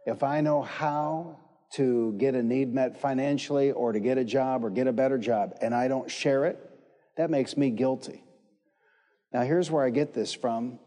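A man's voice: mid-range voice, normal speed, dark tone. Emphatic male preacher in a hall. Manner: emphatic, repeats phrases, calls congregation to respond. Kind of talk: sermon. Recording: echoey hall with long reverb.

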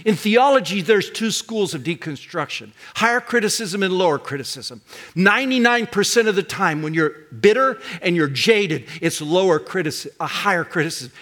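An older pastor delivering a sermon in a high, bright voice. He speaks emphatically and swings up into loud, ringing cries on the words he wants to land. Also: animated, normal speed.

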